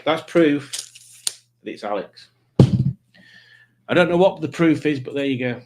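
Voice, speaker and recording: A man's voice: on the high side, animated, measured pace. A man hosting a live stream, chatting loosely, joking and greeting viewers in the chat. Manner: rambling, jokey, greets the chat. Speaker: livestream host. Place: home streaming setup with lights.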